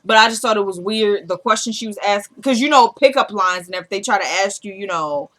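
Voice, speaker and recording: Bright, chatty woman recapping a show. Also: medium pitch, brisk. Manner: chatty storytelling, acting out quotes. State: hyped up in the morning. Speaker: TV episode recapper. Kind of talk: casual episode recap.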